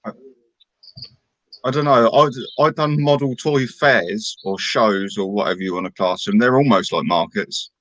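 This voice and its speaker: Low-voiced hesitant man, dry sound. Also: normal speed, fairly bright tone, no echo. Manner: hesitant, restarts often. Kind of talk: casual storytelling.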